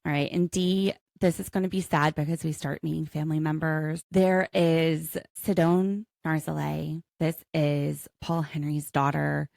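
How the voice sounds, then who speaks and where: Low creaky-voiced woman chatting. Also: flat delivery, a little mellow, no echo, studio quality. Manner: chatty and quick with quips, laughs often. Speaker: podcast co-host, attorney. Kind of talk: casual podcast chat.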